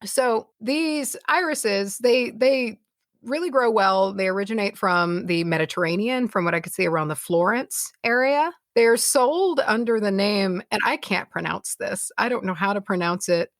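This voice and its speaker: A woman's voice: mid-range voice, normal speed, no room sound, studio quality. A woman co-hosting a podcast in casual chat, rambling and giggly, often correcting herself mid-sentence. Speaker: podcast co-host.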